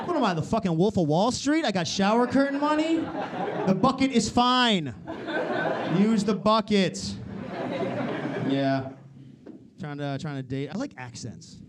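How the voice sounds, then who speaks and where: A man's voice: a little high, noisy background. A young American man performing a stand-up comedy set, self-deprecating and wry, swearing freely. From United States. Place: live comedy stage.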